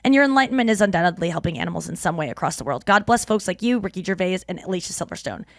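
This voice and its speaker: Lively woman podcast host. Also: fairly low pitch, very fast, no echo, studio quality. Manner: animated, laughing, reads letters aloud with asides. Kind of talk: casual podcast chat, reading listener mail.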